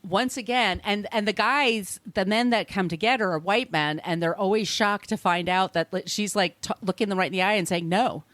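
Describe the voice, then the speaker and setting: A woman's voice: medium pitch, normal speed, few pauses, fairly bright tone. A woman on a podcast walks her co-host through a history tale in loose, chatty fashion, restarting sentences and swearing as she goes. Her voice sits mid-range, and the sound is dry and close, with no room echo. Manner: rambling, conversational, frequent restarts and swearing. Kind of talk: casual storytelling chat.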